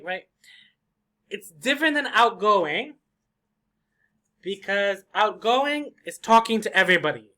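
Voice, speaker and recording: Slow, lively man teaching words. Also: high-pitched. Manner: slow, repeats each word many times for drilling; acts out short example conversations. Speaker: English teacher. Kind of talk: pronunciation and vocabulary lesson.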